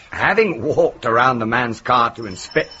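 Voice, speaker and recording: A man's voice: mid-range voice, lively intonation, measured pace, sharp tone, muffled recording. An actor playing a fussy, earnest male schoolteacher who is slightly pompous and humourless. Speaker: teacher telling a joke.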